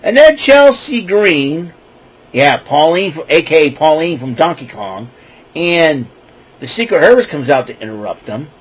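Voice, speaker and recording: A man with a somewhat high voice runs through a casual wrestling recap. He rambles and trips over names, and he breaks into laughter at his own jokes. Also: very animated, a little slow, slightly rough. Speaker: podcast host.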